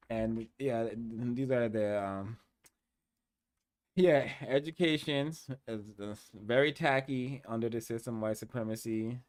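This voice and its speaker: A man's voice: mid-range voice, a little slow, darkish tone, no echo. A man hosting a commentary program, speaking in an earnest, emphatic way. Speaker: host.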